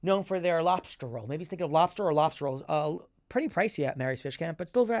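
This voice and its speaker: A man chatting as a podcast guest, excitable and quick, repeating himself as he talks. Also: a little high, no echo. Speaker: guest, magician and entertainer. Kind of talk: animated podcast chat.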